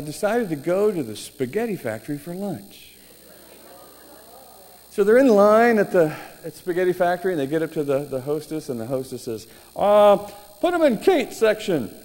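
A male preacher telling stories in a sermon, animated, with halting restarts. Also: fairly high pitch. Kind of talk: sermon storytelling. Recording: reverberant hall, faint noise.

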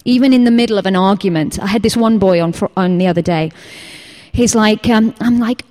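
A woman's voice: mid-range voice, brisk. A woman teacher from England giving an informal sermon, full of personal stories, acting out quotes and dropping to a whisper at times. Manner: animated storytelling, acts out quotes, drops to whispers. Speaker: teacher giving a church talk.

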